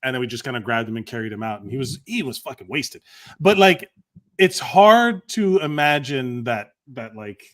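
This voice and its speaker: A man who is a comedian and podcast co-host, talking in an animated, profane way and laughing often in casual chat. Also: mid-range voice, normal speed.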